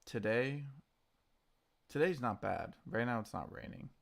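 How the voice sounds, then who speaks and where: Tired man talking low, gravelly. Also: animated, measured pace. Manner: quiet, subdued morning voice; laid-back, reads chat names aloud. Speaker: stock trading streamer. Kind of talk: casual live-stream chat.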